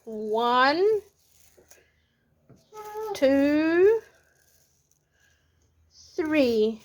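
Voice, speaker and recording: A woman preschool teacher reading a storybook and leading a counting lesson for young children in an animated, sing-song manner. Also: high voice, extremely slow.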